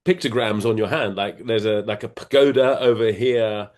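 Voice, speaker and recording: A man's voice: lowish voice, moderate pace, darkish tone. A middle-aged man as an interview guest, explaining ideas in a rambling, playful way with many restarts and fillers. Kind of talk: casual conversation.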